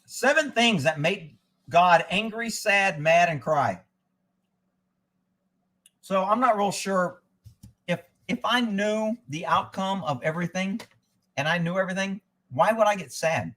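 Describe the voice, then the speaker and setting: A man's voice: sits high, lively intonation, a little slow, pauses often, fairly bright tone. A man hosting a casual live stream, ranting sarcastically and muttering as he reads aloud and answers chat. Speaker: livestream host.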